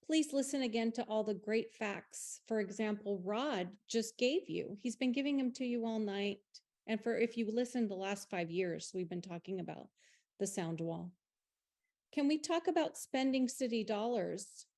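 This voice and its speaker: A woman's voice: a little high, normal speed, darkish tone. A woman giving an angry, blunt public comment at a city council meeting. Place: city council chamber at a podium.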